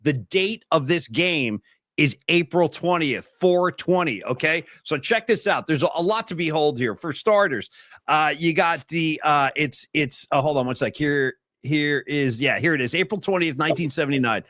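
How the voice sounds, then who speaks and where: A man in his fifties from Northern California, hosting a livestream podcast and chatting in an excitable, rambling, slangy way over a streaming call mic. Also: a little high, moderate pace, no echo, clean studio sound. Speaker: podcast host. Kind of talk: casual livestream chat.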